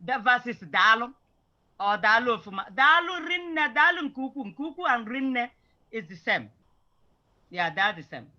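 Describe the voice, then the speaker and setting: A woman teaches grammar over a video call, patiently walking students through examples that mix English with Igbo phrases. Her voice is bright and sits a little high. The audio is dull and lo-fi, like a web call. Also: big pitch swings, moderate pace. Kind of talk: online class teaching.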